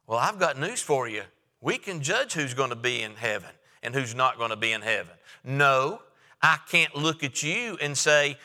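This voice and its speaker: Male pastor, emphatic, repetitive preaching, very bright tone, long church-hall reverb. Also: fairly high pitch, moderate pace. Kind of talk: sermon.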